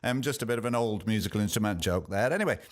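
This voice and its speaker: A man's voice: fairly low pitch, lively intonation, rapid-fire. A man hosting a comedy podcast, reading news items and ranting about them with sarcasm. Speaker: podcast host. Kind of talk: comic news commentary.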